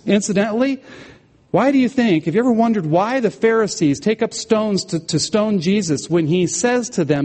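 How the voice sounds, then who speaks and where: A man's voice: high voice, lively intonation, moderate pace, a little mellow, big-room sound. A man preaching a sermon as pastor, explaining scripture and asking the congregation questions.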